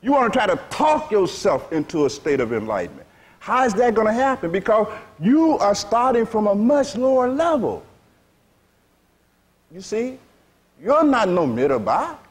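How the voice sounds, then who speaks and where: A man's voice: sits high, sing-song, normal speed. A man teaching a sermon to a seated audience, speaking frankly in vernacular phrasing and repeatedly asking "you see?". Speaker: spiritual teacher.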